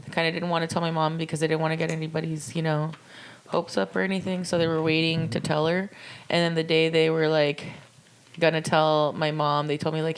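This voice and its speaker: A woman's voice: low voice, completely flat delivery, a little fast, smooth. A woman co-hosting a podcast, telling stories in casual chat with loose swearing. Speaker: podcast co-host.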